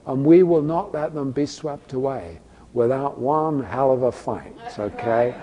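A man's voice: medium pitch, unhurried, dark tone, slightly rough. A man preaching a sermon in a church. He talks emphatically, fires off rhetorical questions, and keeps saying "you see". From Britain. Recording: echoey hall, long reverb.

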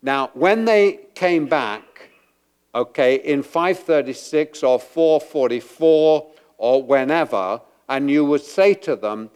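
A man preaching a sermon to a congregation, moving from quiet asides to loud, emphatic rhetorical questions. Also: fairly high pitch, slow, clear, resonant tone. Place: church before a congregation.

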